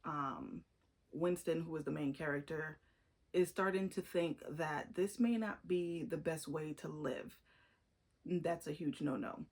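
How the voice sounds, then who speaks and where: A woman with a fairly low voice talks through her favorite books in a loose, conversational way. She leans on emphasis and drops opinionated asides as she goes. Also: measured pace, a little mellow. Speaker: book reviewer. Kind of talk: casual book review monologue.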